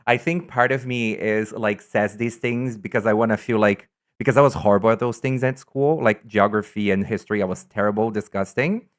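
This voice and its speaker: A man's voice: fairly low pitch, brisk, hardly any pauses. Chatty man with a Brazilian accent. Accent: Brazilian, São Paulo. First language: Portuguese. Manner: chatty, rambling, profane. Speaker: streamer. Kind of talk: casual chat reading viewer comments.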